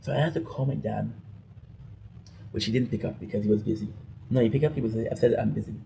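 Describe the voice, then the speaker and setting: Gravelly, dark-voiced man venting. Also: fairly low pitch, steady tone, quick pace, slight background noise, rough recording. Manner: rambling, frustrated, restarts often. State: emotional. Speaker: vlogger. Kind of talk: personal vlog rant.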